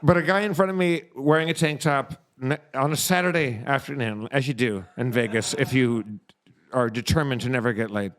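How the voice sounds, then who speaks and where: A man telling profane, animated anecdotes as co-host of a live comedy podcast. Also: medium pitch, fairly quick.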